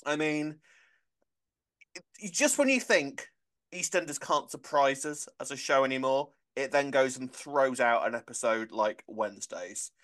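A man's voice: medium pitch, lively intonation, measured pace, fairly bright tone. A man hosting a podcast, chatting in a playful, teasing way. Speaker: podcast host. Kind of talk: casual chat.

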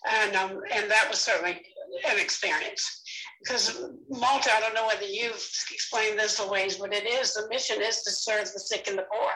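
Bright-voiced woman guest, chatty. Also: mid-range voice, fairly even intonation, normal speed, low-quality recording. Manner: chatty, with hesitations. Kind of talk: casual conversation.

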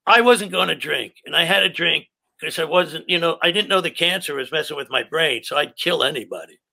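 A man's voice: on the high side, fairly quick, creaky, bright, forceful tone. An older man, a stand-up comedian, telling profane rambling stories from his career in casual chat. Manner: profane, rambling anecdotes with quoted voices.

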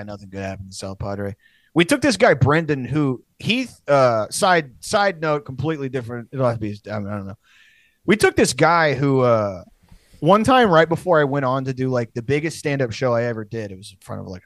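This is a young man in his twenties, telling a story in a casual, profane ramble. His voice sits at an ordinary pitch and is recorded dry and close, with no room sound. He keeps breaking into quoted lines from his friends. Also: dry recording.

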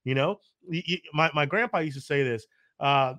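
Laid-back man with a higher voice talking sports. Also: normal speed, bright, forceful tone, no room sound, studio quality. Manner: laid-back and opinionated, laughs easily, uses slang. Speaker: sports podcast co-host. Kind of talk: casual sports podcast chat.

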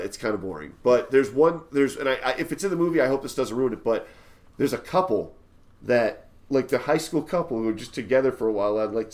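A man's voice: mid-range voice, a little mellow. Rambling, swearing podcast guy. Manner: rambling, swearing, stop-start enthusiasm. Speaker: podcast co-host. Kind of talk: casual movie-talk podcast.

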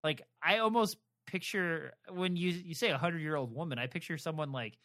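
A man co-hosting a podcast, talking casually and haltingly with many fillers and restarts. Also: on the high side, bright, forceful tone. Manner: rambling, hesitant, lots of fillers and restarts. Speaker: podcast co-host. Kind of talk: casual chat about a TV adaptation.

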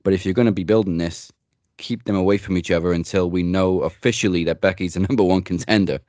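A man's voice: low voice, fairly even intonation, fast talker, darkish tone, no echo. A man hosting a wrestling podcast, chatting casually and bluntly, joking and swearing freely. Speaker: podcast host.

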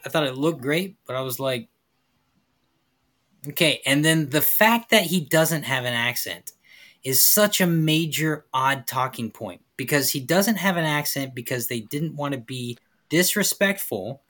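A man's voice: on the high side, expressive, moderate pace, fairly bright tone. A man co-hosting a casual talk show, making his points emphatically and arguing back. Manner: emphatic, argumentative. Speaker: podcast co-host. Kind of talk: casual chat.

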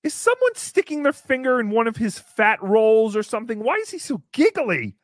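A man's voice: high-pitched, wildly swooping pitch, moderate pace, few pauses, dry recording, clean studio sound. A male podcast host giving sarcastic, taunting comedy commentary. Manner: sarcastic, taunting, jumps into sing-song mockery.

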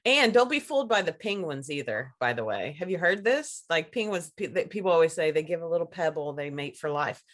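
A woman's voice: deep voice, very animated, fairly quick, hardly any pauses, fairly bright tone. A woman talking frankly in a casual chat, laughing often as she makes her points.

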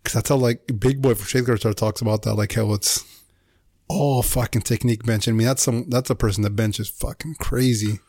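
Relaxed young man, dry close mic. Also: mid-range voice, moderate pace, slightly rough, no echo. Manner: relaxed, swears often, hedges with "like". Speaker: podcast co-host. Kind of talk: casual chat.

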